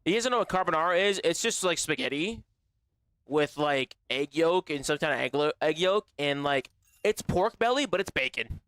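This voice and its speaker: A man chatting casually on a gaming livestream, slangy and profane, his voice slightly strained from yelling. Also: fairly high pitch, expressive, moderate pace, smooth, dry recording. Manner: slangy and profane, calls chat bro and baby. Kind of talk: casual live-stream chat.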